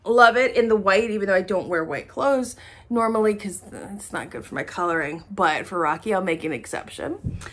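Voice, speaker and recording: A woman vlogger chatting casually to camera about her shopping haul, excitable and swearing freely. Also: mid-range voice, moderate pace.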